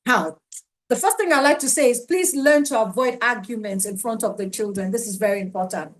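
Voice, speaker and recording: Middle-aged nigerian woman, high voice, preachy parenting talk, keeps begging parents. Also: brisk. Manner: emphatic, pleading, preachy. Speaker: parenting speaker. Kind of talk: webinar talk.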